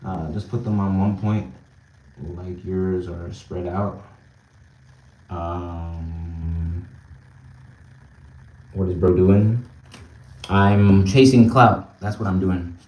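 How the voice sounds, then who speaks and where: A man's voice: low voice, flat delivery, drawn-out words, long pauses, roomy sound, recorded from a distance, highs cut off. A young man hosting a casual live stream, bantering with his chat, reading their comments aloud and laughing often. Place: indoors at home, small room.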